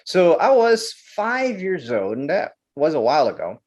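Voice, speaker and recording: A man from Brazil, a guest filmmaker telling stories in an interview, animated and often repeating words as he goes. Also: fairly high pitch, normal speed. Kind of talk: storytelling interview.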